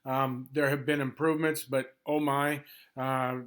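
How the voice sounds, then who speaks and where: Gravelly-voiced man in his sixties. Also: mid-range voice, little pitch movement, fairly bright tone. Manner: hurried, conversational, many ums and restarts. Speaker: history presenter. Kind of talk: rushed informal history overview.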